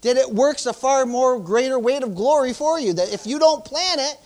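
The pastor's voice is high-pitched with a darkish tone, moving at a moderate pace through an informal sermon. Frequent cries of "hallelujah" and "praise the Lord" accompany emphatic calls to the congregation.

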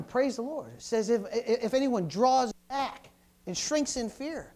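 A middle-aged man, preaching a sermon with call-and-response, repeated hallelujahs, and swings from loud exclamations to soft asides. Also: very high voice, lively intonation, takes it slowly.

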